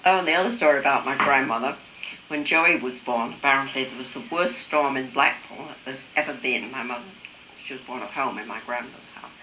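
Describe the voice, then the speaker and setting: A woman's voice: very deep voice, a little fast, roomy sound, background noise. An older woman telling family stories in casual conversation, amused and laughing often, sometimes mimicking her relatives' voices. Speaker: interviewee recalling family stories.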